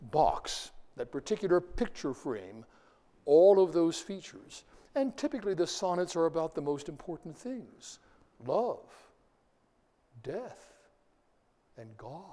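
A man's voice: high voice, warm tone, in a large hall. A middle-aged man giving a classroom lecture, quizzing the class and reading verse aloud with rhythm. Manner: asks the class questions, reads verse aloud, taps out rhythms.

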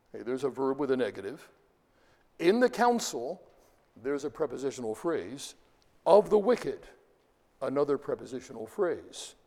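A man's voice: medium pitch, a little mellow, big-room sound. A man giving a classroom lecture, explaining step by step and asking his students questions as he goes. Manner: explanatory, stops often to ask the class.

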